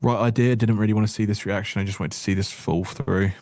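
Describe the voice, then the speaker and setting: A man's voice: fairly low pitch, fairly even intonation, fast talker, a little mellow, dry recording. A man giving casual live-stream trading commentary, joking wryly and answering chat aloud into a close mic.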